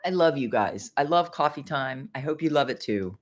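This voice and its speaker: A woman's voice: a bass voice, expressive, normal speed. Middle-aged lady rambling on a faith livestream at home, laughs a lot, keeps getting sidetracked. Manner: chatty, distracted, laughs often. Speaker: livestream host.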